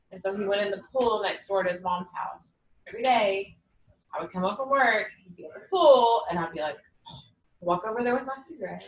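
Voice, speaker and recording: A woman's voice: mid-range voice, fairly bright tone, slight background noise. Woman, personal testimony, rambling with fillers, roomy echo, distant mic. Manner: chatty, lots of fillers and quoted dialogue. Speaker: team member sharing her story. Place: party room with guests. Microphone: camera set away from the speaker. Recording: echoey room from far off.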